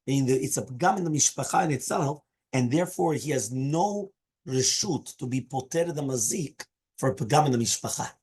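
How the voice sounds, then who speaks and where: A man's voice: medium pitch, lively intonation, a little fast, a little mellow, slightly rough. A man teaching a daily Talmud class, explaining each Aramaic phrase in English and often checking with "right?" and "okay?". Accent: Hebrew and Aramaic terms mixed into English.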